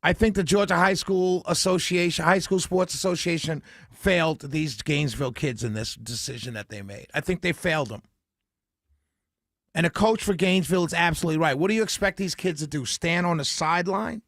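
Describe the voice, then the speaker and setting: A talk radio host with a high-pitched voice speaks fairly quickly into a studio microphone, and the recording is dry and close. He comes across as emphatic and opinionated, thinking aloud as he goes.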